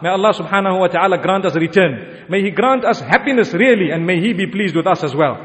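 Earnest preacher man, high voice. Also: fast talker, a bit bright. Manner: earnest, exhorting, rising to emphasis. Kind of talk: sermon. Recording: long hall reverb.

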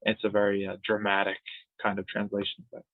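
A man's voice: lowish voice, completely flat delivery, a little fast, no echo. A man teaches a grammar lesson in a playful, joking manner. His voice comes through a thin, phone-like line. The sound is dry, with no room around it. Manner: playful, jokey explanations with laughs and siren sounds. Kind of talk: online class lesson.

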